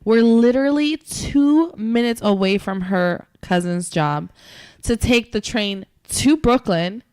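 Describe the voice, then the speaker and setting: A woman's voice: on the high side, slow, a little mellow, smooth, no echo. A woman co-hosting a podcast in casual chat, blunt and teasing, swearing freely. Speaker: podcast co-host.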